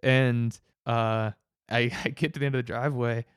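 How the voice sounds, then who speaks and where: Man, casual chat, rambling storyteller, smooth clear voice, dry close sound. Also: mid-range voice, fairly even intonation, normal speed, no room sound. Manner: rambling storyteller, many restarts, laughs often.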